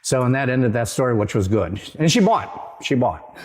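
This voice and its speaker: A man, a real estate agent and guest, telling stories in a rambling way with halting restarts, from Florida. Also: mid-range voice, sing-song, a little mellow. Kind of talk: casual storytelling.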